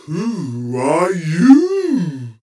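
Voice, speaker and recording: A woman voicing a kindly, wise old male owl with a deep, husky voice. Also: huge pitch swings, drawn-out words, mellow, no room sound, clean studio sound, exaggerated voice.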